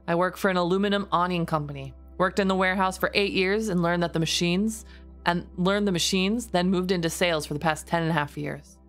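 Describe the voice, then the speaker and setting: A woman streamer reading posts aloud in a deliberately lower, steady voice. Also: faint music behind. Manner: reads in a lower, steadier voice, laughs often.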